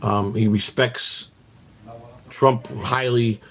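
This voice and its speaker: Out on a walk, this male vlogger spins casual, meandering stories full of profanity, often ending lines with "man." He speaks very slowly in a mid-range voice with a steady tone.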